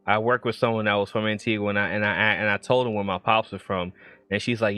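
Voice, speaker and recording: A man's voice: lowish voice, fairly even intonation, fast, pushed and bright, clear, resonant tone. A man hosting a casual late-night livestream, talking in a laid-back, slangy way and laughing often. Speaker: livestream host.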